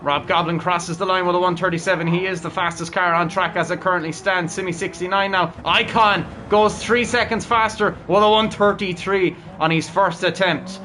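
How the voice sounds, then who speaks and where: A man's voice: high-pitched, fairly even intonation, moderate pace, hardly any pauses, pushed and bright, slight background noise. A young man, streaming live and commentating a racing league in an upbeat, chatty way, talking to his chat.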